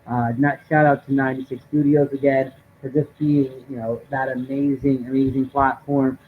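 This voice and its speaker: A man's voice: medium pitch, flat delivery, normal speed. A man co-hosting a live stream from home, giving upbeat, talkative sports commentary with many fillers. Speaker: co-host of a live draft stream. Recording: tinny lo-fi stream audio with faint noise.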